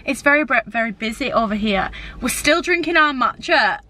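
A woman's voice: on the high side, moderate pace. Giddy chatty young woman. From England. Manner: giddy, chatty, loud when excited. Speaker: vlogger. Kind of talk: casual vlog chat to camera. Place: in a car and out and about at a shopping centre. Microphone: handheld camera. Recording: noisy background with traffic.

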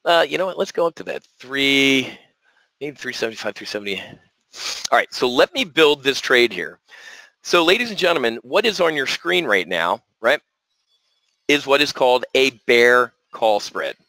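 A man hosting a live options trading webinar, talking in an energetic, folksy way and repeating words for emphasis. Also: mid-range voice, normal speed, gravelly, dry recording, poor audio. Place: resort room.

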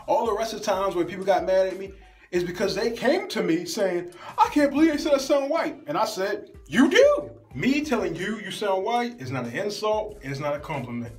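Young man, comedic rant, exasperated and profane, lively swooping pitch, faint music behind. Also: roomy sound. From Baltimore, USA. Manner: exasperated, profane, rhetorical questions.

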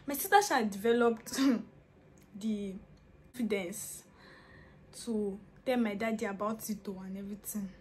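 A woman's voice: mid-range voice, steady tone, measured pace, long pauses, darkish tone, slight background noise. A young woman tells a funny personal story in a casual vlog, laughing often and dropping into whispers. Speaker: vlogger.

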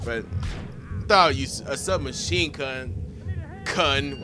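Excitable man commentating a shooter game. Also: medium pitch, normal speed, over music. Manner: excitable, swearing, laughing at his own play. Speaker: gaming commentator. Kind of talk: live gameplay commentary. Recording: gunfire from the game behind his voice.

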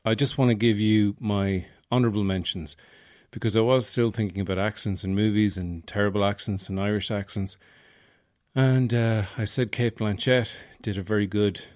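A man's voice: on the low side, fairly even intonation, moderate pace, darkish tone, no room sound, clean studio sound. Rambling, jokey male podcast host. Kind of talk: casual chat.

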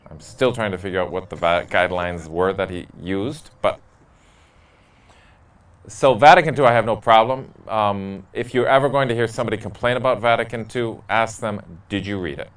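A man's voice: on the low side, moderate pace, recorded from a distance. A man, a priest, answering questions from a parish group in a candid, joking way. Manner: candid, joking storyteller who laughs at his own stories. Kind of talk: casual Q&A talk to a parish group.

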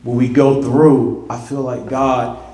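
A pastor preaching a sermon in a church, animated, repeating words and building to emphatic, rising peaks. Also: male voice, mid-range voice, slow pace. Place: church sanctuary. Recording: echoey church sanctuary.

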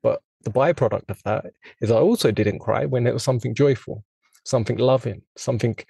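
Man, middle-aged, interview host, mellow tone, earnest, reflective, rambling. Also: mid-range voice, brisk, vocal fry, husky, dry recording. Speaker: podcast host. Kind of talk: casual interview conversation.

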